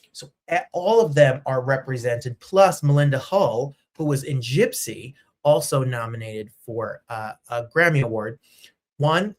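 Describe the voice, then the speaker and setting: Chatty, excitable male show host. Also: mid-range voice. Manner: chatty, excitable, jumps between topics. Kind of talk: casual live-stream chat.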